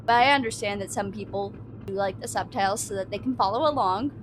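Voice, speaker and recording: A woman's voice: mid-range voice, fast talker, noisy background. A woman streamer giving casual gameplay commentary, enthusiastic and chatty, stumbling over her words. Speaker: video game streamer. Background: game music.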